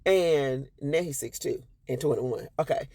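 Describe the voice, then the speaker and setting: A woman tells her followers a personal story in a sassy, emphatic way, acting out what people said with big pitch jumps. Her voice is mellow and measured, with no room sound.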